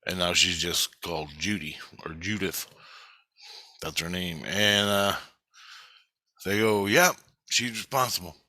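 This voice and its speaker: Low-voiced man telling a rambling story. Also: steady tone, slow, pauses often, sharp tone, no echo. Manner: profane, restless, digressive. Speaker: vlogger recounting spiritual experiences.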